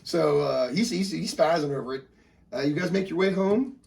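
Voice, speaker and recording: A man runs a tabletop game as game master, rambling through his narration with fillers and restarts. His voice sits fairly high and has a gravelly texture. He sounds a bit off-mic, with faint background noise. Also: moderate pace, a little mellow, far from the mic.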